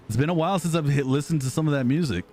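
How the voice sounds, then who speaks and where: A man's voice: fairly high pitch, racing, darkish tone, soft background music. A man in his thirties with an American accent, chatting casually with viewers on a live stream, rambling and self-deprecating. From United States. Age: 30s. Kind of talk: casual live-stream chat reading comments.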